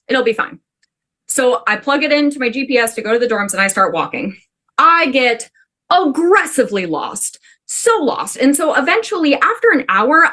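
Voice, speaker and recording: A woman from the Pacific Northwest telling a personal story to a class in an animated, chatty way, full of "like". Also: fairly high pitch. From Pacific Northwest, USA. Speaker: student storyteller.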